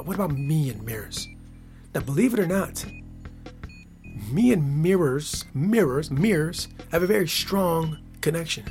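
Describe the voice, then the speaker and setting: A man from Michigan with a Michigan accent, hosting a podcast in a playful casual monologue, laughing often and dropping from loud hype to near whispers. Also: a little high. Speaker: podcast host.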